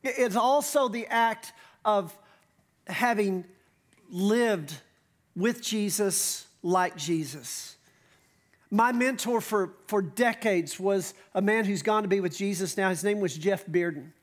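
A man, preaching a sermon from a church stage. He talks in a relaxed way, full of asides, and slows down to stress key phrases. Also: high-pitched. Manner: conversational preaching with asides and emphatic slowdowns. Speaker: pastor.

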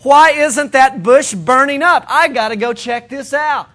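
A man's voice: very high voice, a little slow, pushed and bright, heavily acted. A male preacher voicing Moses as an anxious, protesting man who pleads and makes excuses in casual modern slang. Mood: curious.

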